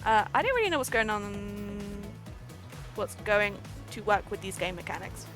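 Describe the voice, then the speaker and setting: A woman's voice: medium pitch, sing-song, moderate pace, a bit bright, faint music behind. A woman voicing a hesitant, unsure male killer in a dating game.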